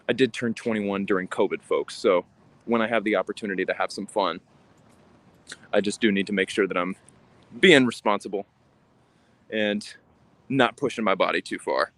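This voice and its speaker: A man's voice: lowish voice, no echo. Young man reflecting while walking outdoors. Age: 20s. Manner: reflective, halting, sighs often. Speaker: livestreamer. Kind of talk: walking livestream talk. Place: outdoors on city streets.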